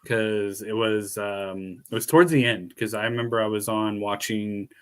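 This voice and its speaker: Male streamer, lisp, low-ish voice, loose rambling chat. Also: normal speed, clean tone. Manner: rambling, laughs often, swears casually. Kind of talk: casual chat.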